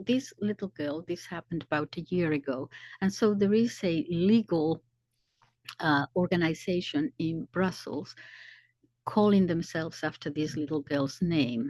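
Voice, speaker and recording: A woman commentator explaining events slowly, often pausing to search for words. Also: lowish voice, fairly even intonation, a little mellow, no echo. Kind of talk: commentary video.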